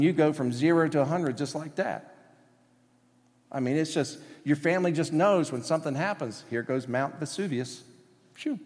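A man's voice: on the high side, big-room sound. A man preaching a sermon as pastor, emphatic, acting out quotes and asking the congregation questions.

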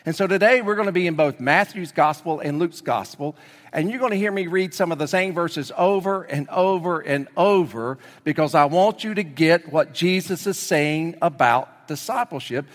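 A man preaching a sermon as pastor, telling the story with lively energy and dropping to hushed emphasis at key points. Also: fairly high pitch, moderate pace. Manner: animated storytelling, swings between loud excitement and hushed emphasis. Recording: long reverb of a large hall.

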